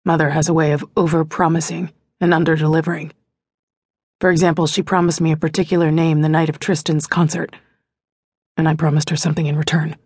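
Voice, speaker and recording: A woman narrator voicing a brooding young male lover, speaking in a low, hushed, reproachful way in a first-person audiobook romance. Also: level tone, a little fast, husky, dry recording, clean studio sound. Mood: somber.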